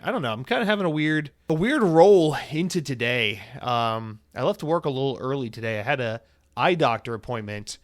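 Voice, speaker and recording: A man around thirty talks alone on his podcast in an easy, rambling way. His pitch sits in the middle for a man. He speaks candidly, swears without a second thought and slips into quick impressions of the people in his stories. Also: a bit bright. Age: 30s. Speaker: podcast host. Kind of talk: casual solo podcast monologue.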